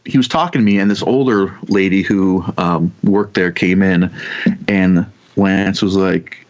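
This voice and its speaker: Rambling man telling a story, lo-fi. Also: deep voice. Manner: rambling, halting with many restarts, swears casually. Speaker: podcast guest telling ghost stories. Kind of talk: casual storytelling. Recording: dull lo-fi sound.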